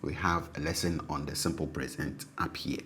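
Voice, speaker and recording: A man's voice: a bass voice, fairly even intonation, normal speed, fairly bright tone. A man teaching a language lesson, patiently repeating example sentences and checking in with "okay?".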